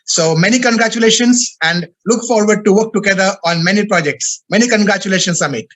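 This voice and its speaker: A man's voice: sits high, fairly quick, fairly bright tone. A man hesitantly congratulating an honoree at a ceremony, with many fillers. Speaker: institute head congratulating honoree.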